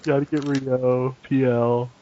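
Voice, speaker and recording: A man chimes in with short remarks in a casual podcast chat, speaking very slowly. The sound is muffled and lo-fi. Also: medium pitch, little pitch movement, dark tone, slight background noise.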